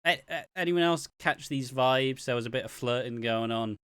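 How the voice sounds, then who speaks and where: A man chats through a soap opera recap, laughing easily and often restarting his sentences. His voice sits at an ordinary middle pitch. The sound is dry and close. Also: normal speed, fairly bright tone, clean tone, no echo. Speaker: podcast co-host.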